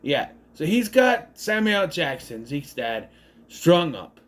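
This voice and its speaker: A man's voice: fairly high pitch, very animated, slow. A man casually recapping a horror movie, exasperated and sarcastic, swearing as he goes. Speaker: movie reviewer.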